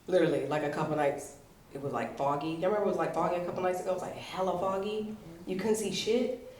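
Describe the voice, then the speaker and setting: A woman doing a stand-up comedy set at a comedy show, telling stories in a brash, profane, animated way. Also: lowish voice, fast talker, a little hiss or hum. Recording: roomy venue sound, mic at a distance.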